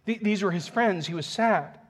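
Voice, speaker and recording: Earnest, fairly high-voiced man preaching. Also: normal speed, slightly rough. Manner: earnest, builds to passionate emphasis; reads scripture aloud, chuckles softly. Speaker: pastor. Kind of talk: sermon.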